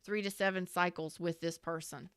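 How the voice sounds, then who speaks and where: A woman's voice: on the low side, fairly even intonation, normal speed, fairly bright tone, clear, resonant tone, no room sound, studio quality. A woman giving a casual tarot reading to viewers, dramatic and profane, calling them y'all. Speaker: tarot reader.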